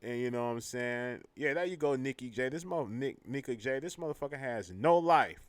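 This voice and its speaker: A man's voice: medium pitch, lively intonation, brisk, dry recording. Brash trash-talking man. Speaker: host. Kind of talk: profane live-show banter.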